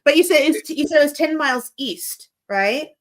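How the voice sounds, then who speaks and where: A woman's voice: high voice, animated, moderate pace. A woman from the United States chatting casually and explaining things patiently, laughing easily. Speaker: guest co-investigator. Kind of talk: casual chat.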